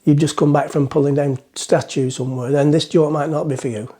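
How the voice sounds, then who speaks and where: Middle-aged bloke rambling on about a joke, mellow slightly high voice, talks to camera outdoors on a boat. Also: male voice, steady tone, brisk. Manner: rambling, self-mocking, chatty. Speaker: vlogger. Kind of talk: casual chat to camera, joke-telling.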